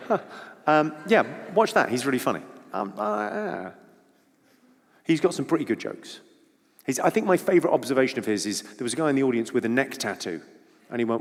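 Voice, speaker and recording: A man's voice: mid-range voice, expressive, fairly quick, creaky. A man with a British accent doing stand-up crowd work on a theatre stage, firing off dry quips and often breaking into his own distinctive laugh. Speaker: stand-up comedian. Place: large theatre stage with audience. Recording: live theatre with long reverb and loud noise.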